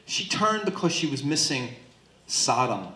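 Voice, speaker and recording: Pushed and bright, a medium-pitched voice with big pitch swings runs a little slow as a man teaches a Bible study in a church room. He is emphatic and frequently asks listeners questions, all heard through a roomy echo.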